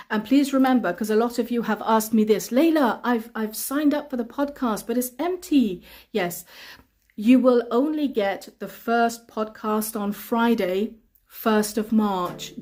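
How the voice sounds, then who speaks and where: A woman's voice: medium pitch, darkish tone. A woman English teacher answering learners' questions on a live stream, reading their comments aloud and explaining things patiently with lots of repetition.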